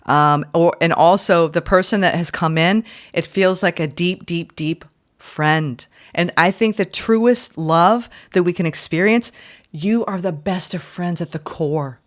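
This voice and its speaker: A woman with a lowish voice gives a casual tarot reading at a measured pace. She is emotional and effusive, exclaiming and repeating phrases as she reads card text aloud.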